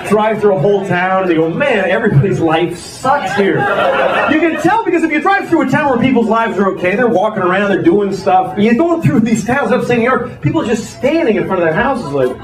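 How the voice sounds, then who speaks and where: High, animated stand-up guy swearing his way through stories, roomy club sound with a big laughing crowd. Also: quick pace, hardly any pauses, heavy background noise. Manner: profane, exasperated storytelling with acted-out asides. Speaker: stand-up comedian. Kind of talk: stand-up comedy set. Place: comedy club stage before a laughing crowd. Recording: echoey club recording, heard from a distance, with loud crowd laughter. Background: audience laughter.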